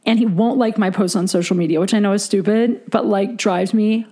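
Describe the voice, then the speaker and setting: A woman's voice: mid-range voice, steady tone, fairly quick, mellow, slightly rough. A young adult woman hosting a podcast, telling a dramatic story in casual, profane chat. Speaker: podcast host.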